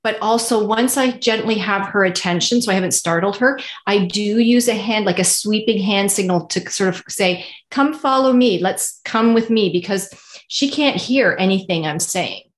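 A woman co-hosting a relaxed podcast. She speaks thoughtfully and conversationally, and draws on her own experiences. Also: mid-range voice, moderate pace. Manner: thoughtful, sharing personal examples.

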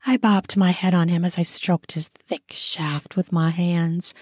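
A woman narrating a first-person erotic audio story in an intimate, soft, drawn-out manner. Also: on the low side, steady tone, husky, no room sound, studio quality.

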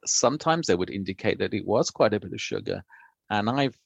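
A man, a food historian, explaining old recipes in a thoughtful, unhurried podcast conversation. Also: lowish voice, lively intonation, vocal fry, breathy edge, no room sound, muffled recording.

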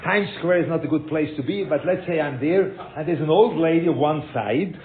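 Older rabbi lecturing, echoey and tinny. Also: male voice, fairly quick. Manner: animated, repeats words, mixes in Yiddish and Hebrew terms. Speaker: rabbi teaching a class. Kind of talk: lecture with questions from students. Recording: phone-like echoey room with faint rumble.

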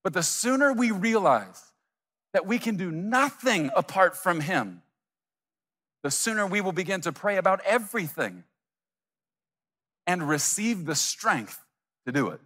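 A man preaching a sermon as pastor, animated, acting out imagined voices of his listeners. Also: high voice, measured pace, pauses often, in a large hall.

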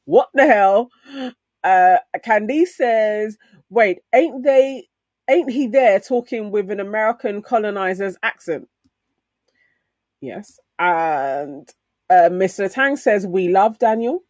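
A woman co-hosting a casual show, reading viewer comments aloud with pauses and fillers. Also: medium pitch, expressive, a little mellow, no echo.

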